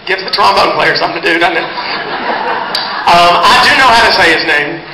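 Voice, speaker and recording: Between songs, a bandleader jokes and teases a live audience through a stage microphone in a concert hall. His voice is high and fairly quick. The recording is very noisy, with hall echo and a loud crowd.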